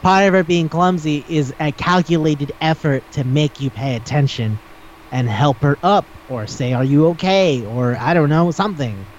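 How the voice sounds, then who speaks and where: A podcast host in loose, casual chat, a man who circles back over his words and swears offhandedly. His voice sits a touch higher than most men's, and the recording is a little dull with faint hiss underneath. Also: moderate pace.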